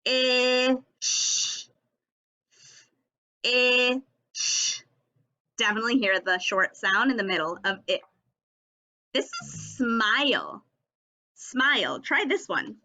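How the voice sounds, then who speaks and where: A woman teaching a phonics lesson to young children, slowly stretching out and sounding each letter of the words. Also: mid-range voice, very animated, bright, forceful tone.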